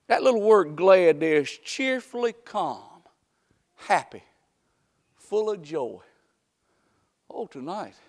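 A man preaching a folksy sermon that swings from quiet talk up to shouting. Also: high voice.

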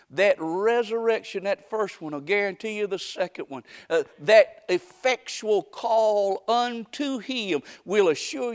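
A man preaching a sermon, shouting some lines and hushing others, with folksy repeated questions to his congregation. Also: high voice. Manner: swings from shouted calls to hushed asides.

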